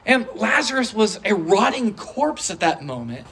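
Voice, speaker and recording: A preacher delivering a sermon in an animated, conversational way, repeating phrases for emphasis. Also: mid-range voice, a little slow, vocal fry, breathy edge.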